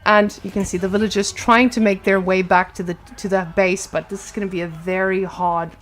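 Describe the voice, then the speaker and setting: A woman casting an esports match with energetic play-by-play commentary, quick to hype up big plays. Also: medium pitch, soft background music. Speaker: esports caster.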